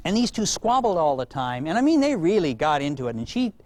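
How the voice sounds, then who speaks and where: A man giving a storytelling lecture on parenting to a live audience, animated and laughing at his own stories. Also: on the high side, brisk. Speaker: parenting educator.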